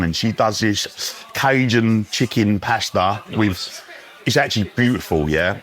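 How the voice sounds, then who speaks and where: Over dinner in a pub dining room, a man from England speaks at a measured pace in a fairly low voice, with a little hiss or hum on the audio. As a guest, he trades cheeky, loud banter and laughs in casual conversation.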